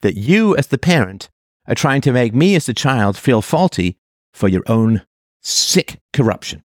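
A man's voice: mid-range voice, very animated, measured pace, dry recording, studio quality. A man hosting a call-in advice show, talking in an impassioned way and stacking emphatic lists.

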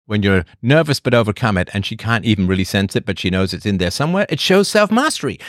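A man's voice: fairly low pitch, big pitch swings, fast, no echo, clean studio sound. A man hosting a show, talking casually in a rambling monologue and answering the chat. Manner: rambling, with acted voices and asides.

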